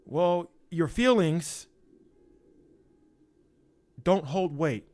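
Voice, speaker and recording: A man preaching an informal sermon, emphatic and repetitive, acting out quoted excuses in a higher voice. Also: expressive, very slow, darkish tone.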